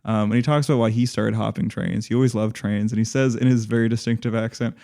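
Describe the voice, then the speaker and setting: A man's voice: lowish voice, fairly even intonation, fast, gravelly, warm tone. A man co-hosting a podcast, talking casually and rambling, with many fillers and restarts. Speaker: podcast co-host.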